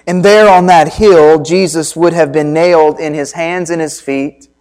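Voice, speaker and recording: A man preaching a sermon as pastor, reading scripture and speaking in a deliberate way with pauses. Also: a little high, fairly even intonation, darkish tone.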